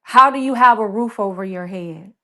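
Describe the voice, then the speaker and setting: A woman's voice: medium pitch, moderate pace, sharp tone. A woman from Georgia with a Southern accent, talking earnestly as a caller on a live stream. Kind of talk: casual opinion talk.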